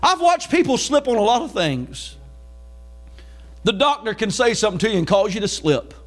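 A high-pitched preacher delivers his sermon with shouted peaks. He then drops into quick, low, chatty asides to the church. The voice stays pitched far above most men's throughout. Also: very animated. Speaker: pastor.

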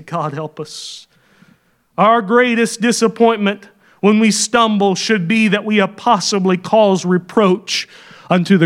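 A man preaching a sermon with fervor, sometimes dropping into folksy asides. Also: high voice. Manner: fervent, acts out quoted prayers.

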